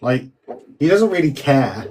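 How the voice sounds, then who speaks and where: A man in casual podcast chat, hesitant, with many pauses and restarts. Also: mid-range voice, very animated, a little mellow, a little hiss or hum, low-quality recording. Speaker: podcast co-host.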